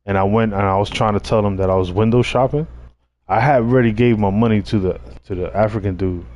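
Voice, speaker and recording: Young New guy, slightly low voice, casual slang-heavy storyteller. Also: fast. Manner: laid-back street slang, swearing, animated when quoting others. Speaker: streamer.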